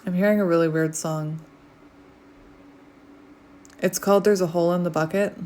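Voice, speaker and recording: A woman giving a casual tarot reading, rambling and chatty with many fillers, sometimes dropping to a soft near-whisper. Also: fairly low pitch, steady tone, moderate pace. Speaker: tarot reader. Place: home, outdoors light fading.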